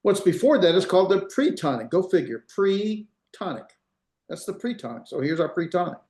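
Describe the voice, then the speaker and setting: A man's voice: sits high, very animated, moderate pace, a little mellow. A man giving a classroom lecture as a Hebrew instructor. He explains step by step, repeats examples and checks that students follow. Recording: roomy echo.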